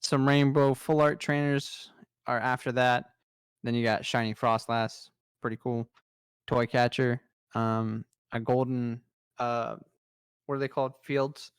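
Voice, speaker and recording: A young man co-hosting a casual podcast chat, rattling off trading cards with easy enthusiasm. His voice is smooth and clear, recorded close and dry with no room sound. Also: medium pitch, steady tone, unhurried, no echo. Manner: enthusiastic, rattles off card lists. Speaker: podcast co-host presenting trading card news.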